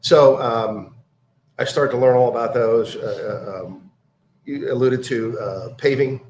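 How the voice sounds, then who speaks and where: Man, casual storyteller, halting delivery with fillers; echoey room. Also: mid-range voice, a little mellow, a little hiss or hum. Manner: halting, many fillers and restarts, acts out quoted voices.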